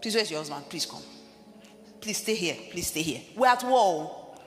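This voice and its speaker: A woman pastor, preaching a sermon in a chatty, animated way and talking straight to the congregation. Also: on the low side, moderate pace, long pauses. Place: large church hall. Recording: long hall reverb with faint music.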